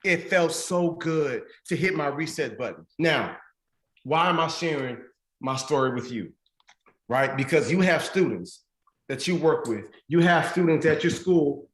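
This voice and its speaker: A man's voice: fairly high pitch, expressive, unhurried, fairly bright tone, reverberant. A young man giving a motivational speech to teachers, using a repetitive, preacher-like cadence with rhetorical questions. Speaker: motivational speaker. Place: stadium event space.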